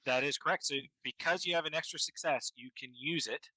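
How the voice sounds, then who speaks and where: A man running a tabletop game as game master, narrating in a halting way with many ums and restarts. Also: on the high side, bright, forceful tone, no room sound, low-quality recording.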